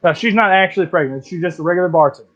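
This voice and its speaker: A man's voice: high-pitched, rapid-fire, fairly bright tone. A man narrating a tabletop game as dungeon master, loose and joking. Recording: dull lo-fi sound.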